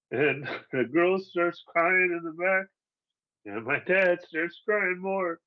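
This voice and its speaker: A fairly high, expressive voice comes through lo-fi sound, slow and full of pauses. The speaker, a Seattle man in his forties, candidly tells his own survival story in a profane, casual style, laughing through what was hard.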